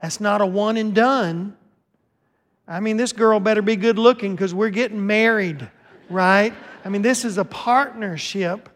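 A man preaching as a pastor, lively and joking, calling out to his congregation through a handheld microphone in a church sanctuary. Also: high voice, measured pace. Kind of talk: sermon with announcements. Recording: long church hall reverb.

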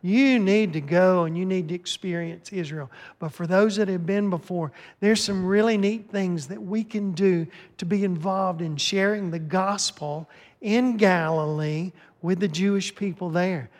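A man with a notably high voice preaches to his congregation, lively and joking as he calls people up front. His handheld mic rings out with a long reverb through the church sanctuary. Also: normal speed. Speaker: pastor. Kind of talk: sermon with announcements.

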